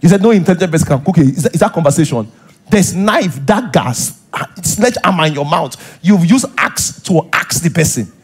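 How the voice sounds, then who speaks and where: A man with a Nigerian accent delivers a church sermon in a voice on the high side and slightly rough. Set in a church hall, he acts out short scenes and repeats himself to drive points home.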